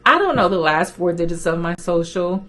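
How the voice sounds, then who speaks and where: A woman mimicking a young scam caller who is faking an old grandmother's voice, high and evasive. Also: expressive, moderate pace, a bit bright.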